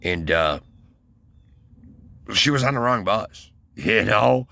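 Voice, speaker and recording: A man's voice: on the low side, animated, slow pace, gravelly, bright, forceful tone, dry recording. A man from Michigan telling a long, rambling, profane story about his military service, full of fillers and restarts. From Westland, Michigan, US. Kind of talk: casual rambling monologue.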